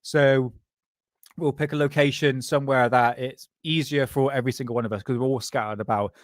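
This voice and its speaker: A man's voice: medium pitch, steady tone, a little fast, dry recording, studio quality. A man hosting a live stream, chatting in a rambling, loose way with frequent swearing and laughter while stoned. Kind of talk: casual live-stream chat.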